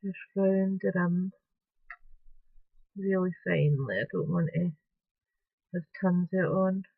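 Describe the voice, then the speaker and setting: A woman's voice: on the low side, unhurried, gravelly, husky, dry recording. A Scottish woman talking through a craft tutorial at home in a chatty way, with apologetic asides as she works. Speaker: crafting vlogger. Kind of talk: casual craft tutorial narration. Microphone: camera close-up. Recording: dull, dry home recording.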